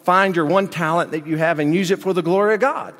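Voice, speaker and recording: A man's voice: sits high, a little fast, a bit bright, in a large hall. A man doing a smug, critical churchgoer.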